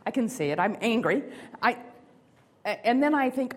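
A woman giving a sermon-style talk, expressive and acting out inner voices, slowing down for emphasis. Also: a little high. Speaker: speaker.

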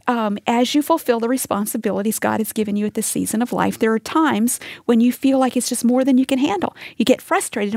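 A woman's voice: fairly high pitch, darkish tone, no room sound, clean studio sound. A woman giving a conversational Bible teaching to women listening, earnest and direct, asking them questions. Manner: earnest, talks straight to listeners with rhetorical questions.

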